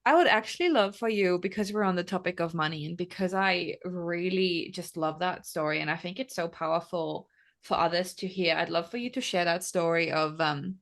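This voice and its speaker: A woman's voice: fairly low pitch, normal speed, fairly bright tone. A woman hosting a podcast, laughing easily and encouraging her guest. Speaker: podcast host, coach. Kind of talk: casual podcast interview.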